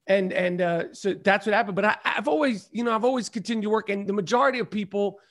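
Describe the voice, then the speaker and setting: Male guest, high voice, salty animated storyteller. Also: quick pace. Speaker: podcast guest. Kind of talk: casual chat.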